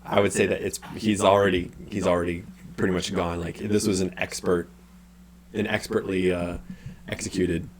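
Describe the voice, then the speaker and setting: A man narrating as game master in a relaxed, halting way, full of restarts. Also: deep voice, a little hiss or hum.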